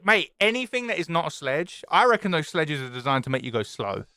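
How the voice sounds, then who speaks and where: A young British man chatting casually on a stream, excitable and swearing freely, swinging between loud enthusiasm and mock gloom. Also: fairly high pitch, fairly quick, dry recording.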